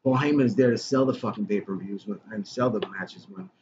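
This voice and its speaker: A man co-hosting a casual podcast, excitable and swearing freely, tossing in bro and dude. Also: on the low side, fairly quick, a crowd in the background. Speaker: podcast co-host. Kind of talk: casual chat about wrestling. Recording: lo-fi with clear background noise.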